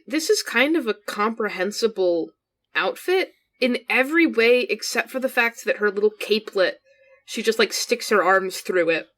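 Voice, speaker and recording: A woman's voice: on the high side, lively intonation, moderate pace, a bit bright. A woman co-hosting a podcast in casual chat, wry and teasing, prone to giggles. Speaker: podcast co-host.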